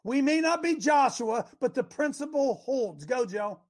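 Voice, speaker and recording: A man preaching an interactive sermon, animated and quizzing his listeners, bursting into shouts to drive a point home. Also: very high-pitched, unhurried. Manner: banters with and quizzes the congregation.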